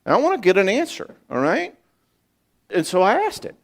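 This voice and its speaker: A man in his sixties, a psychologist giving a folksy, animated seminar talk on marriage, often acting out conversations. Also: sits high, a little fast, creaky. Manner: animated, folksy, acts out dialogue. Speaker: psychologist and speaker.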